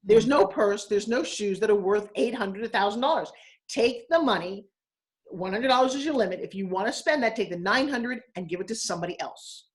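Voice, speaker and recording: Woman around sixty, rapid and emphatic, blunt, video call guest. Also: medium pitch, animated. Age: 60s. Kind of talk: live video interview.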